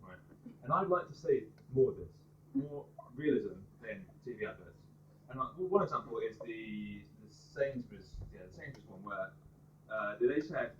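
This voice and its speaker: A man from the West Midlands doing a stand-up comedy set at a pub comedy night, firing off quick pun one-liners. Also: fairly low pitch, lively intonation, highs cut off, slight background noise. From West Midlands, England.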